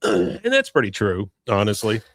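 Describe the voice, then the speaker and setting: A man's voice: fairly low pitch, moderate pace, no room sound, clean studio sound. A man co-hosting a podcast, animatedly recapping an episode in casual chat. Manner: animated, acts out the quotes. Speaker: podcast co-host.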